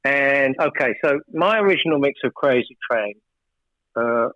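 A man's voice: medium pitch, moderate pace, no room sound, dull audio. A record producer telling studio stories in an interview, acting out the exchanges as he goes. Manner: animated storyteller, acts out studio exchanges. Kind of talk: storytelling interview.

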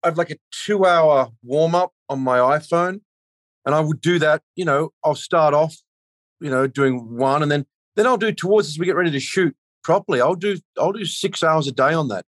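A man's voice: fairly high pitch, moderate pace, dry recording. A man being interviewed as an actor, rambling in casual chat with many restarts and filler phrases. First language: not a native of the country he is speaking about.

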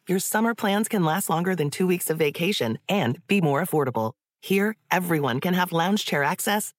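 Low-voiced woman reading a commercial. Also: dry recording, clean studio sound. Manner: smooth, upbeat sales delivery. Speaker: ad voice-over. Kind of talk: scripted commercial narration.

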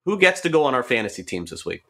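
Bright-voiced male sports host. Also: mid-range voice, very animated, fast talker. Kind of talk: casual sports talk.

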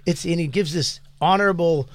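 A man retells a scene in casual podcast banter, profane and incredulous. His voice sits fairly high. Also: fairly quick. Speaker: podcast co-host.

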